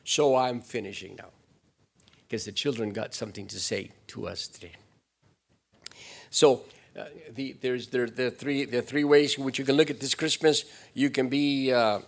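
A man preaching a sermon to his church, swinging between loud emphatic lines and hushed prayerful ones. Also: mid-range voice, steady tone, moderate pace. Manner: switches into Spanish for an acted aside. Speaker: pastor.

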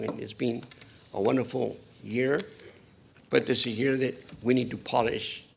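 A middle-aged man preaching a sermon in a church, conversational and warm to the congregation, often repeating words and dropping in short Spanish phrases. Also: mid-range voice, gravelly, breathy edge. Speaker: pastor.

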